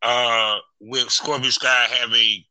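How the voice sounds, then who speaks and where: A man's voice: medium pitch, little pitch movement, takes it slowly, sharp tone, no room sound, rough recording. A man co-hosting a podcast, chatting casually with many ums and asking his co-host questions. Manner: hesitant, filler-heavy, asks his co-host questions. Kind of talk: casual wrestling chat.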